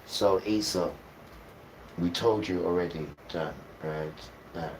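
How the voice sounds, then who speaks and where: Man host, rambling scripture talk, low voice, sits back from the mic with steady noise behind, jumps from mutters to shouts. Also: moderate pace, far from the mic. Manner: rambling, swings from mutters to loud outbursts. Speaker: livestream host. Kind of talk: informal scripture talk on a livestream.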